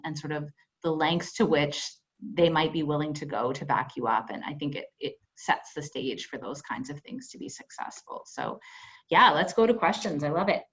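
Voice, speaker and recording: A woman workplace trainer talks through a webinar in a loose, conversational way, full of "you know" and little acted-out dialogues. Her voice sits on the low side. The call audio is dull and lo-fi. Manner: conversational, filler-heavy, acts out example dialogue. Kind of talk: webinar presentation. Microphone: video call.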